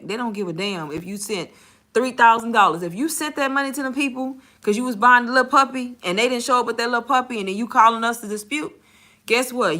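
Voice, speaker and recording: A woman's voice: mid-range voice, bright, forceful tone. A young woman talking candidly in a casual storytime vlog, blunt and slangy, laughing often as she talks. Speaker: content creator and bank call center agent.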